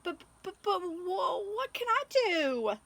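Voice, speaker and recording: A woman's voice: high-pitched, huge pitch swings, a little slow, sharp tone, no echo, voice pushed up, exaggerated voice. A woman voicing a kindly mother crocodile who stammers when bewildered in a storybook. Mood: flustered.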